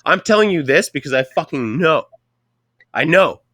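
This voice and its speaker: A man swapping stories in a loose, profane chat. His voice is bright and forward. It is recorded dry, close to the mic, with no room sound. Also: a little high, moderate pace, dry recording. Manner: profane, animated storytelling. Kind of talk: casual chat.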